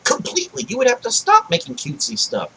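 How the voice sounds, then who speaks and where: A man ranting about video games to his desk mic, swearing a lot and swinging between shouting and low grumbling. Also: wildly swooping pitch, fast talker, vocal fry, slight background noise, low-quality recording. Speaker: gaming vlogger. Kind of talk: angry gaming rant.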